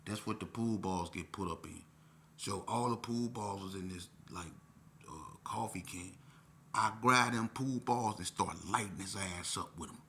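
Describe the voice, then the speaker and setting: Forceful low-voiced man telling a story. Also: unhurried, slight background noise. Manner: profane, animated, conversational. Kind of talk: casual storytelling monologue.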